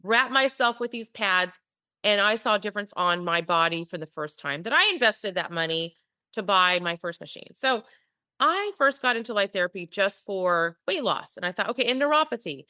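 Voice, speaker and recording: A woman interviewed as a podcast guest, telling her story in an animated way and acting out what people said. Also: mid-range voice, moderate pace, clean tone, no room sound. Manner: animated, acts out quotes. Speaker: podcast guest, company founder.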